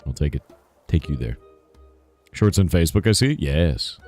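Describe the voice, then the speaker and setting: A hoarse man streaming live, answering chat in a rambling casual way with lots of "right?" asides. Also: extremely low pitch, animated, normal speed, darkish tone, faint music behind. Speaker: streamer and game developer.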